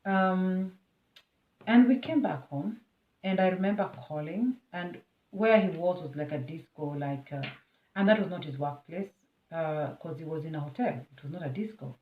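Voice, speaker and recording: A woman's voice: lowish voice, normal speed. Chatty Kenyan woman, tinny and echoey. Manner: chatty, emphatic, talks straight to the viewer. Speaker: vlogger. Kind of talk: storytime vlog. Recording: tinny, phone-like and roomy.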